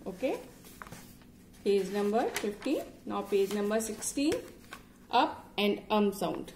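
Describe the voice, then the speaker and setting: Slow, patient woman teaching phonics. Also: medium pitch, expressive, darkish tone. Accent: Indian English. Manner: slow, patient, spells words letter by letter. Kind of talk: phonics lesson for young children. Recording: echoey room, faint background noise.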